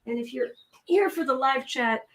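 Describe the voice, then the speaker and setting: Woman, fairly high voice, tarot livestream host, talkative and overheated, casual home setup. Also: moderate pace, fairly bright tone. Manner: chatty, reads viewer comments aloud, stumbles and restarts. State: overheated and sweaty. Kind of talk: casual live-stream chat. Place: indoor room at home.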